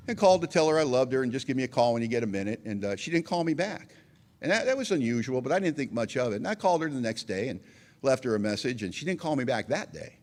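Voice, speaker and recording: A man's voice: mid-range voice, darkish tone. A middle-aged man sharing his personal recovery story at a meeting, talking conversationally and acting out the dialogue he recounts.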